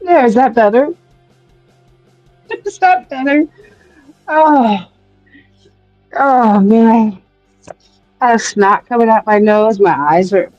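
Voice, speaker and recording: A woman's voice: on the high side, expressive, takes it slowly, long pauses, darkish tone, no echo, dull audio, soft background music. A woman hosting a casual live stream from outdoors, talking to viewers and often dissolving into helpless, breathless laughter.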